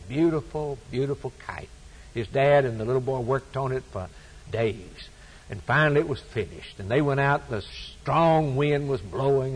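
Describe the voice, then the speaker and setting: Man, husky voice, sermon, emphatic repeating cadence, mid pitch. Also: rough recording. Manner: repetitive, emphatic preaching cadence. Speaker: preacher.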